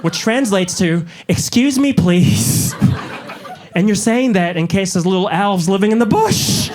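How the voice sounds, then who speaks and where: A young man from New Zealand doing a stand-up comedy set in front of a live audience, telling stories with lively delivery and little put-on voices. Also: high-pitched, unhurried. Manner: animated storytelling, mocks up little voices.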